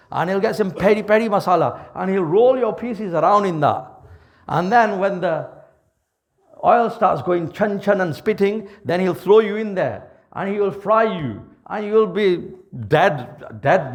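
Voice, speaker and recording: A man giving a sermon as vivid, dramatic storytelling, mixing in Urdu and Arabic words. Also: sits high. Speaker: Islamic preacher.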